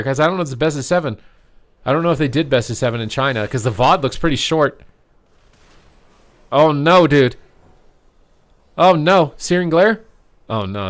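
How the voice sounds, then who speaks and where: A man giving slangy, joking live commentary on an esports match, yelling at the big plays. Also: mid-range voice, a little fast. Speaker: streamer casting an esports match.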